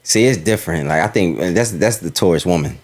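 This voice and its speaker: Hyped, lively-voiced podcast man. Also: deep voice, a little fast. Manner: hyped, playful, heavy slang and cursing. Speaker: podcast co-host. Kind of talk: casual chat.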